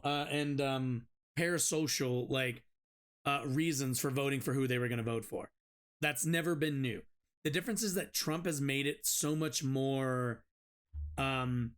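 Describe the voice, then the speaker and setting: A man's voice: on the high side, a bit bright. A man hosting a live-streamed political debate in casual commentary, rambling with many restarts and fillers.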